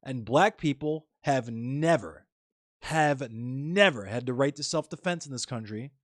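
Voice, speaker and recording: A man's voice: medium pitch, measured pace, no room sound, studio quality. A man streaming live, lecturing his chat in a heated, profane political rant.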